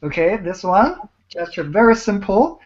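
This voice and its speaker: A woman's voice: medium pitch, big pitch swings, moderate pace, lo-fi sound. Patient woman teaching. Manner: patient, repeats words and praises students. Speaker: Chinese teacher. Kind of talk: online beginner language lesson.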